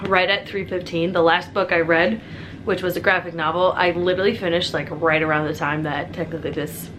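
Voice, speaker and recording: A woman's voice: fairly low pitch, steady tone, fairly quick, background noise. A woman in her twenties chatting casually in a home book vlog, filling her talk with "like". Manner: chatty, filler-heavy, says "like" constantly. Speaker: book vlogger.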